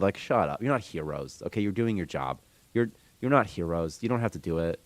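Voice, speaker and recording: Man, low voice, rambling opinionated stream chat, dry close sound. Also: lively intonation, brisk, dry recording. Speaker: game developer streamer. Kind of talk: casual rant on a live stream.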